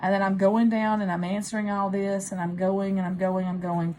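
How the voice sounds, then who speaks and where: A woman's voice: medium pitch, flat delivery, a little fast, a little mellow. A woman teacher demonstrating test-taking, thinking aloud as she works through a practice test. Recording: faint background noise.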